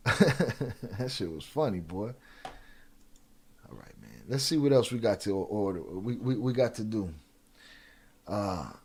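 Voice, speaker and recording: A middle-aged man hosting a livestream, chatting casually and reading viewer comments in loose street slang with joking asides and pauses. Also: medium pitch, a little mellow. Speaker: livestream reaction host.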